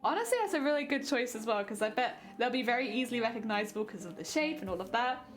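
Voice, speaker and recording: A woman's voice: a little high, expressive, quick pace, faint music behind. Giggly woman streamer. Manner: giggly, playful, chatty. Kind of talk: casual chat with viewers while crafting.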